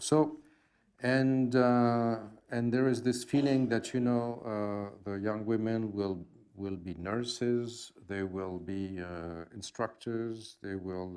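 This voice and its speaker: French man, halting wry lecture. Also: fairly low pitch, a little mellow, clean tone. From France. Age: 60s. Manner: halting, many fillers and restarts, wry asides. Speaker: guest speaker, expert on jihadism. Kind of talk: Q&A talk at a public forum.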